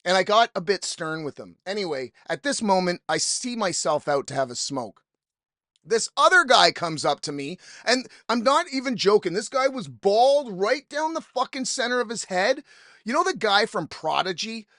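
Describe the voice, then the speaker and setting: Sharp-toned and high-pitched, this male podcast host sounds very animated at a moderate pace, recorded dry with clean studio sound. His casual storytelling is a profane, exasperated ramble peppered with quotes from people he met.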